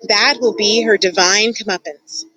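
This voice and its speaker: A woman voicing a sly, scheming male rat who speaks with mock-polite, drawn-out courtesy in a storybook reading. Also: medium pitch, fairly even intonation, a bit bright, natural voice, low-quality recording. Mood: gloating.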